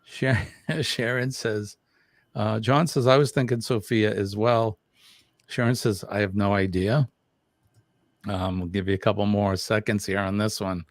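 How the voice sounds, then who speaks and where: A man's voice: on the low side, fairly even intonation, measured pace, no room sound, studio quality. An older man hosting a casual live stream, chatting and reading viewer comments aloud with lots of fillers.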